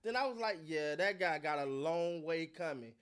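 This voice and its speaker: At a normal speed and with a smooth, slightly high voice, a sports commentary host addresses the viewers of his own channel. The talk is casual and animated, heavy on slang and repetition, as he loosely lays out his opinions.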